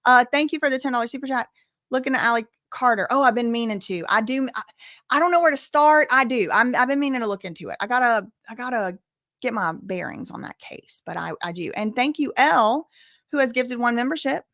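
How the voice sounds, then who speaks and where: Female livestream commentator, slightly high voice, dry close mic, expressive and scolding, reads chat aloud. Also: fairly quick, no room sound. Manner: expressive, exclaiming and scolding, repeats phrases.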